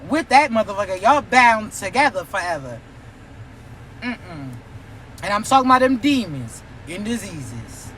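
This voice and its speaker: A woman's voice: mid-range voice, very animated, normal speed, few pauses, a bit bright, a little hiss or hum. A woman giving a spiritual reading, delivered as a brash, profane, teasing scolding. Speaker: spiritual reader. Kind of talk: spiritual warning rant.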